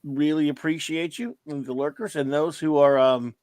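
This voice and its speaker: A man's voice: a little high, fairly even intonation, normal speed, a little mellow, no echo. A man co-hosting a casual livestream, greeting chat viewers by name with playful titles and lots of fillers. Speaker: livestream co-host. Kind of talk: casual livestream shout-outs.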